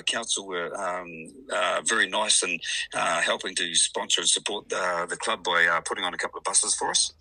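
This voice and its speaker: Kiwi man with a gravelly bright voice. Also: low-pitched, dry recording, low-quality recording. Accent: New Zealand. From New Zealand. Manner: hesitant, lots of fillers, laughs easily. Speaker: club president. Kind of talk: casual radio interview.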